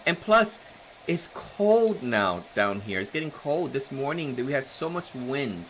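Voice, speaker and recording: A man's voice: moderate pace, a little hiss or hum. A man in his thirties chatting casually on a live game stream, rambling, laughing often, answering chat. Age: 30s. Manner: animated, jumps in pitch when excited. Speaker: livestreamer playing a game.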